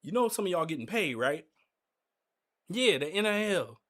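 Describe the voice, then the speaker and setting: A hoarse man streaming a football game, ranting frustrated coach talk at his players, loud one moment and mumbling the next. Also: high voice, lively intonation, moderate pace, pauses often. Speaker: gaming streamer. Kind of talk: casual live commentary over a game.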